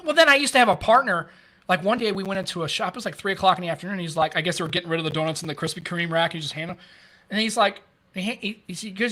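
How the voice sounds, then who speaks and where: Fast animated American man in his fifties. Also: high-pitched. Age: 50s. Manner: animated storyteller, swears freely. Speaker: podcast co-host. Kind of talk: casual chat, storytelling.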